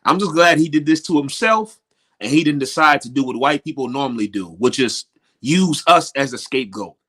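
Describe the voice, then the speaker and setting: A man's voice: mid-range voice, expressive, a little fast, fairly bright tone, husky. A man co-hosting a casual talk show, speaking emphatically and addressing the listeners directly.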